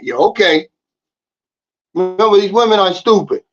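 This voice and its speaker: A man's voice: sits high, expressive, normal speed, pauses often, a bit bright. A man from the United States talking casually to his viewers, giving emphatic, preachy advice straight to camera. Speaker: vlogger. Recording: slightly dull lo-fi audio.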